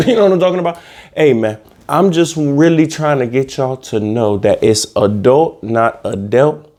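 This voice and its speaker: A man's voice: mid-range voice, lively intonation, unhurried, a little mellow. A man hosting a comedy podcast, talking in a loose, slangy, repetitive casual monologue. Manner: loose, slangy, repeats himself for laughs. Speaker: podcast host.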